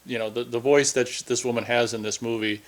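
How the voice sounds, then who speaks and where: A man's voice: medium pitch, fairly even intonation, fast. A man from Minnesota, giving rambling, chatty commentary over a movie with frequent restarts. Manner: rambling, chatty, self-interrupting. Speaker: film commentator.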